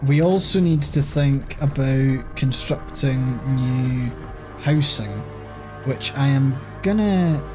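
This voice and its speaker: A man's voice: mid-range voice, slow pace, over music. A man with a Scottish accent giving casual let's-play commentary, thinking aloud and swearing offhandedly as he plays. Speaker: gaming channel host.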